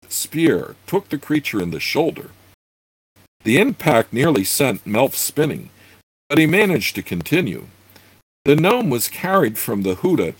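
Husky low-voiced male book reader. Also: low-quality recording. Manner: unhurried, with fillers in asides. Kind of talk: reading a fantasy novel aloud.

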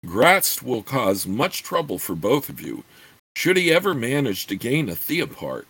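Man doing proud demon queen, stately and solemn, low husky voice, lots of pitch movement. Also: huge pitch swings, unhurried, a bit bright, exaggerated voice. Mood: regal. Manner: stately, formal speech.

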